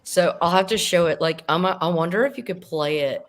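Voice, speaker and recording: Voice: mid-range voice, a little fast, over a noisy crowd. A young adult on a casual online chat panel, rambling and gushing with lots of fillers. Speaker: panel guest.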